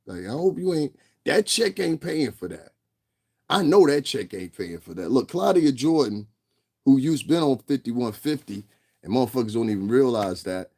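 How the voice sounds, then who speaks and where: Man in his 30s, profane fired-up rant host, mid pitch. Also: a little mellow. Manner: profane, fired-up, repeats himself. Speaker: commentary channel host. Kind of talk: ranting commentary.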